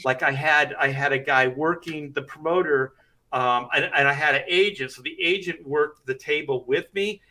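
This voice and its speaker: A man's voice: fairly high pitch, moderate pace, pushed and bright. A middle-aged man, a comic artist, telling a rambling anecdote in casual chat and laughing through it.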